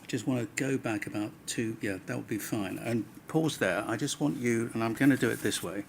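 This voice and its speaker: A man's voice: medium pitch, brisk, gravelly, a little hiss or hum. A man serving as inquiry counsel, questioning a witness pointedly and formally.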